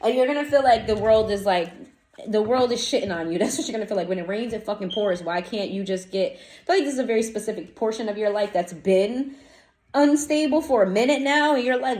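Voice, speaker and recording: A woman giving a casual tarot reading straight to her viewers, blunt and animated, swearing freely in slangy talk. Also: a little high, a little fast. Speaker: tarot reader. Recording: echoey room, faint noise.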